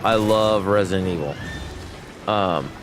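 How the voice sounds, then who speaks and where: A man's voice: low voice, a little slow, music in the background. A man streaming a video game, telling a long family story in a rambling way and correcting himself as he goes. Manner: rambling, self-interrupting storyteller. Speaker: gaming streamer. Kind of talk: casual storytelling while livestreaming a game.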